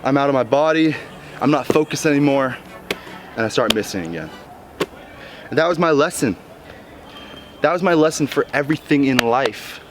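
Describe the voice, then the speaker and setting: A man telling personal stories in a reflective vlog, earnest, moving between calm musing and bursts of excitement, recorded outdoors in a park. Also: mid-range voice, moderate pace, pauses often, background noise. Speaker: vlogger. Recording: music playing over the voice.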